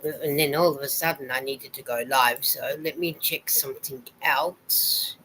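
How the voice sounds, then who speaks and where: Woman, low voice, rambling friendly live chat, knitting while talking, faint background hiss. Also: a little slow, hardly any pauses, a bit bright, rough recording. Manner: chatty and rambling, greeting viewers and reading their comments aloud. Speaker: knitting vlogger hosting a live stream. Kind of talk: casual live-stream chat.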